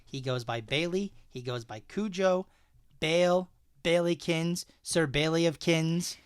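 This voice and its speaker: A man's voice: on the high side, unhurried, clear, resonant tone, no room sound, studio quality. A man co-hosting a podcast, chatting casually and playfully reading out slang terms and their meanings. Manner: playful, reads slang terms and definitions aloud. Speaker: podcast co-host. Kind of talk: casual chat.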